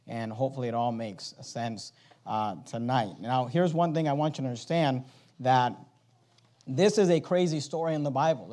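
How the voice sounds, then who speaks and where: A man's voice: medium pitch, mellow. A man preaching a sermon to his congregation, reading scripture aloud and stressing key phrases with growing intensity.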